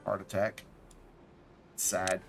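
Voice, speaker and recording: A man's voice: deep voice, flat delivery, very slow, creaky, soft background music. A man casually commenting while playing a game on a live stream, thinking aloud, correcting himself and dropping jokey asides.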